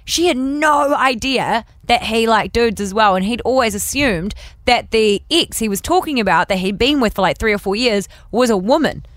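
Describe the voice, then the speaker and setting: A woman's voice: a little high, moderate pace, no echo. A woman with a New Zealand accent, co-hosting a casual radio show and telling stories in a chatty way, acting out the people she quotes. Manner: chatty storyteller, animated quoting. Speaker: radio host.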